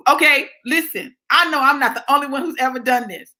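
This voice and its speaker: A woman talking straight to her viewers in a casual storytelling monologue, swinging from low asides to high exclamations and checking in with "right?". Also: brisk, sharp tone. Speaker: vlogger.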